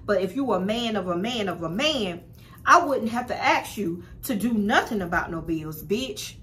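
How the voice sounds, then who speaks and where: A woman's voice: medium pitch, lively intonation, moderate pace, fairly bright tone, slight background noise. A young woman telling a personal story to her viewers in a blunt, profane, casual way, often calling them y'all. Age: young adult. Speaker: spiritual vlogger.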